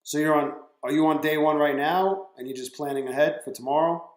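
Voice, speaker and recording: A man's voice: a little high, fairly even intonation, brisk. A man hosting a casual live stream from home, talking to his viewers by name and swearing freely. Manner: profane, talks to chat viewers by name. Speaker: livestream trading host. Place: home room. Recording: roomy echo.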